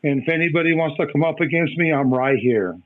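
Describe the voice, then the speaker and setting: A fiery man, repeating himself and cursing as he vents on a live stream. His voice sits a little high for a man. The audio is muffled and lo-fi, typical of a stream capture. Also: quick pace. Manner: heated, profane, repeating himself. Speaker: father of a missing child, guest on a live stream. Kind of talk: angry live-stream rant.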